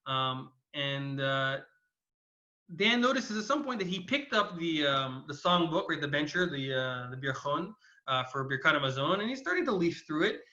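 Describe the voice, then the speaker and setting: A man's voice: fairly high pitch, moderate pace, roomy sound. A male educator telling a story to a class, acting out the characters' lines with plenty of fillers and restarts. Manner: animated, acts out characters' lines. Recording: dull lo-fi sound.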